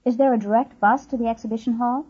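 A woman reads instructional narration in a measured, explanatory way. Her voice is quite husky and mellow, a little higher than most. It sits on a dull, lo-fi course tape. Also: fairly even intonation.

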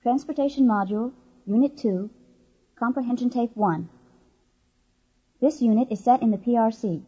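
A woman narrating a language course tape, explaining words and grammar in clear, measured scripted narration. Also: on the high side, warm tone, dull audio.

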